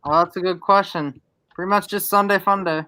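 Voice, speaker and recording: A young man chatting as a guest on a live stream, telling a story at an unhurried pace with many fillers. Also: sits high, fairly even intonation, pushed and bright, rough recording. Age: young adult. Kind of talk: casual live-stream chat.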